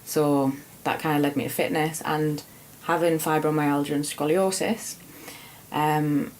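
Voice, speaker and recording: A woman's voice: sits low, steady tone, unhurried, a little mellow, a little hiss or hum. A young woman personal trainer co-hosting a podcast, talking earnestly and with enthusiasm. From northern England. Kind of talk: casual chat.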